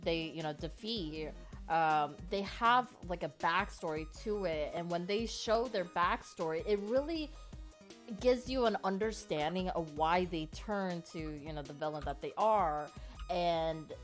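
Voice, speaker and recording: This podcast co-host speaks at a measured pace in a fairly low voice, with soft music playing underneath. She rambles through a casual chat, leaning on lots of fillers and laughing often.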